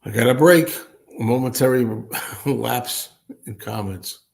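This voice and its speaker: A man of middle pitch hosts a casual solo livestream and responds to viewer comments. He rambles and thinks aloud, and laughs easily. He sits indoors at a table with his laptop. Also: slow pace, gravelly. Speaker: host.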